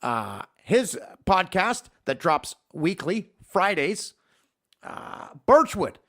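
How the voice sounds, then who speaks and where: A man speaks slowly in a high, sing-song, slightly bright voice. Hosting his podcast from a home studio, he rants heatedly and emphatically, swearing throughout.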